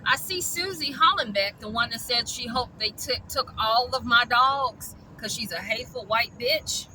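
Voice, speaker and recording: A woman's voice: on the high side, normal speed, bright, forceful tone, a little hiss or hum, poor audio. A woman, ranting bluntly and profanely in a vlog about dog rescue.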